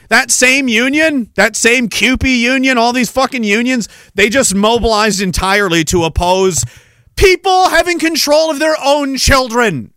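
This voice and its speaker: Profane, animated podcast ranter. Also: male voice, extremely high pitch, no room sound. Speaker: podcast host. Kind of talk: ranting political commentary.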